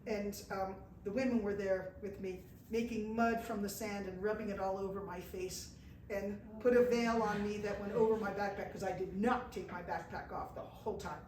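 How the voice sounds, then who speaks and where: An American woman tells a travel story live to an audience in an indoor event room, acting out the people she quotes and laughing at herself. Her mid-range, darkish voice is steady and moderately paced, captured from afar in an echoey room with faint noise.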